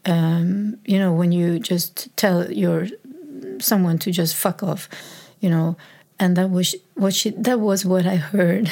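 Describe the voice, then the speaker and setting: A woman with a Swedish accent, a native Swedish speaker, telling a personal story in a strained, emotional voice. She talks haltingly, restarts often and drops into a soft whisper. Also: on the low side. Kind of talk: personal testimony.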